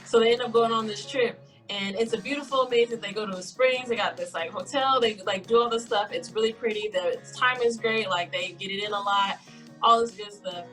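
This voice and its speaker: A woman's voice: medium pitch, a little fast, fairly bright tone, faint music behind, poor audio. A woman co-hosting a casual podcast, retelling a story in a rambling way and briefly voicing the people she quotes. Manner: rambling, acts out quoted lines in brief voices. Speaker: podcast co-host.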